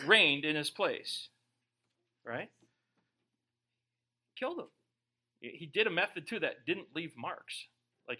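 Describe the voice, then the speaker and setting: A man's voice: high-pitched, bright, forceful tone, rough recording. A male pastor preaching a sermon to a congregation, reading scripture aloud and breaking in with joking, conversational asides. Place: church before a live congregation.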